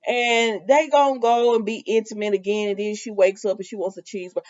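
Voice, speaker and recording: Woman, sassy casual recap, laughs often, talks back to characters, mid-pitched, muffled lo-fi sound. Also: steady tone, a little fast, darkish tone. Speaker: soap opera recap host. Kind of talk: casual chatty episode recap.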